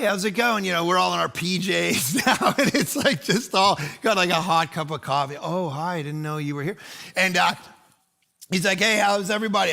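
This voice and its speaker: A middle-aged man, preaching a sermon and telling a lively story, acting out voices in it with casual slang. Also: sits high, gravelly, husky. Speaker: pastor.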